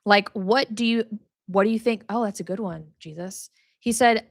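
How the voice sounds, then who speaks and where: Chatty young woman with gravelly fry. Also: mid-range voice, normal speed, no room sound, studio quality. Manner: chatty, laughs often, many "like" fillers. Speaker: podcast host. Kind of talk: casual faith teaching.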